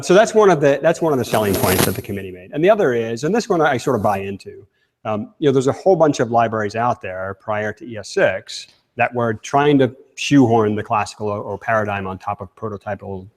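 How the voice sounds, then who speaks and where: A man's voice: fairly low pitch, expressive, a little fast. A man giving a live technical talk, speaking casually and asking the audience questions. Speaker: conference speaker. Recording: long hall reverb.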